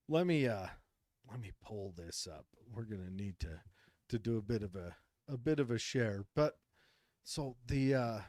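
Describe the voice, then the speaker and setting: A man's voice: mid-range voice, darkish tone, no room sound, clean studio sound. A man co-hosting a podcast in casual chat, rambling with frequent restarts as he reads out a news story. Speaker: podcast co-host.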